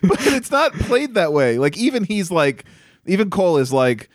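A man's voice: sits high, sing-song, normal speed, dry recording, clean studio sound. A man co-hosting a casual podcast, mocking a film's choices in sardonic commentary with frequent laughter. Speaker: podcast co-host. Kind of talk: casual film discussion.

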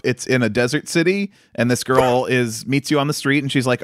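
A man's voice: medium pitch, fairly even intonation, moderate pace, few pauses, a bit bright, clean tone, no room sound, studio quality. A man co-hosting a podcast, telling rambling stories in casual chat and laughing often. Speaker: podcast co-host.

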